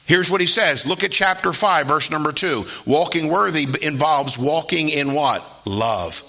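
A man preaching a sermon as pastor, emphatic and repetitive, often asking the congregation "Amen?" and reading scripture slowly. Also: a little high, lively intonation, bright, forceful tone. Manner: emphatic preaching, frequent call-and-response "Amen?", repeats key phrases; reads scripture slowly and deliberately.

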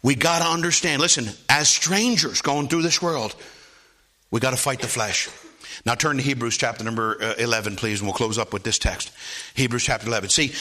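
A man preaching a sermon, repeating phrases and calling for affirmation, rising to loud emphatic peaks. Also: medium pitch, a little fast. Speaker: pastor.

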